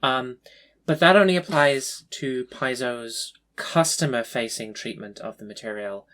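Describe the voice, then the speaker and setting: A podcast co-host giving measured, sarcastic opinions with frequent swearing. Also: mid-range voice, a bit bright. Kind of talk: casual podcast chat.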